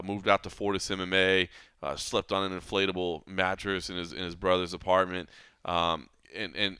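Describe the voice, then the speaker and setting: A man hosting a fight podcast in casual chat, voice low and bright with a forceful edge. He speaks smoothly and resonantly, earnest and reflective, often restarting his sentences. The sound is dry and close. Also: no echo. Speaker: podcast host. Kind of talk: casual MMA podcast talk.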